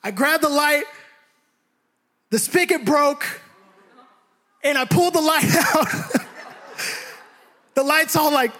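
Young male preacher, Bay Area raised, animated storyteller who shouts and laughs mid-sermon. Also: very high-pitched, slow, long pauses. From San Francisco Bay Area.

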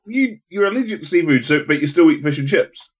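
A man's voice: a little high, lively intonation, brisk, dull audio. A man in casual chat who asks curious questions and jumps in with his own food memories.

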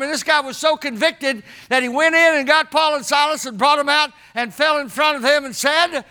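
A man's voice: extremely high pitch, normal speed, few pauses, sharp tone. A man preaching a sermon in a folksy, emphatic way, calling out to the congregation as he tells stories.

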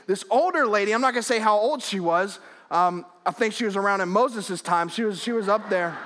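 A man with a high voice delivers a sermon from a church sanctuary, telling stories with humor and frequent restarts. The sound carries a long hall reverb around him. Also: fairly bright tone. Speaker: pastor.

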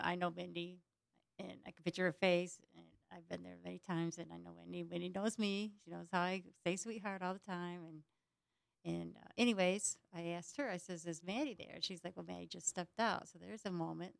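A woman's voice: on the low side, fairly even intonation, a little fast, creaky, no echo. A woman telling a rambling, laughing story in casual chat, acting out both sides of a phone call. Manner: rambling, laughing, acts out dialogue.

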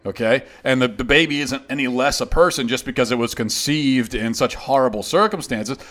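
Male host, opinion monologue; heated, emphatic, sarcastic, mid-pitched voice. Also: brisk, fairly bright tone. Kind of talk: opinion monologue answering a critic.

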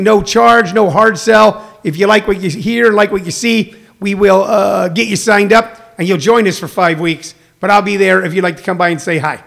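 Sixties guy w/ a raspy fry in his voice, kinda high pitched, rambling comedian chat. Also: fairly bright tone. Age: 60s. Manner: rambling, plugs shows, reads viewer comments. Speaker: comedian hosting a livestream. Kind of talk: casual chat. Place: home.

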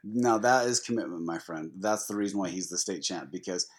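A man co-hosting a casual podcast about pinball, talking in an animated, chatty way with frequent fillers. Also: low voice, a little fast, breathy edge. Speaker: podcast co-host. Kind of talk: casual chat.

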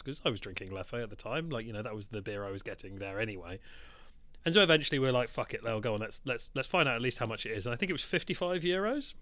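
A man co-hosting a podcast, telling a story in a casual, animated way, swearing and laughing as he goes. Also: mid-range voice, no echo. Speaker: podcast co-host.

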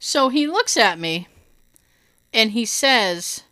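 A woman tells a story in casual chat, acting out what others said and laughing often. Her voice is a little high and she takes it slowly. She has hearing loss in her right ear.

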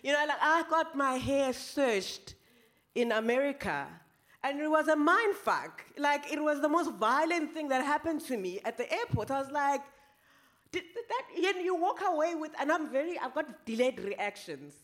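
A woman on a panel speaking reflectively and haltingly, often soft-spoken, about tiring experiences. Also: high voice, lively intonation. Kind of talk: panel discussion.

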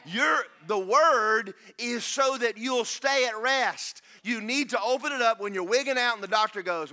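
A man's voice: high voice, moderate pace, hardly any pauses, pushed and bright. A man preaching a sermon as pastor, folksy and joking, then rising to emphatic preaching.

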